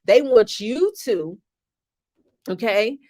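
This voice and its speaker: A woman's voice: fairly high pitch, expressive, slow pace, warm tone. A woman business coach giving an emphatic, motivational talk on a social media live, repeating key phrases like a preacher.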